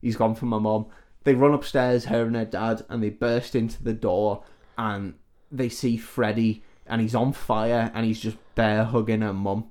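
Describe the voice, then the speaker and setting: A man's voice: fairly low pitch, measured pace. Sweary man retelling a film with gusto. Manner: animated storytelling, swears freely. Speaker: podcast co-host. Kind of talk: casual chat recapping a film.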